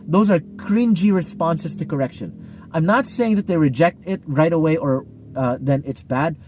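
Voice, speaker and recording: A man's voice: a little high, normal speed, darkish tone, slight background noise. A man, a pastor, giving a casual teaching talk in a conversational way, with many fillers and restarts.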